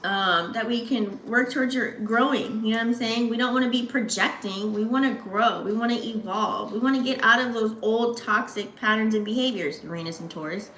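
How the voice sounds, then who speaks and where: A woman's voice: on the high side, brisk, hardly any pauses, a bit bright, a little hiss or hum. A woman hosting an astrology channel, giving a casual, slangy reading and talking straight to her viewers. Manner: slangy, chatty, addresses viewers directly. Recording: echoey room.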